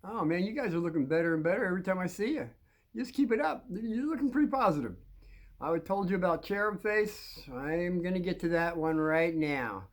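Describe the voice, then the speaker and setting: A man's voice: high voice, expressive, a little fast. An older man from New Jersey, telling kids a rambling personal story with folksy, chuckling asides.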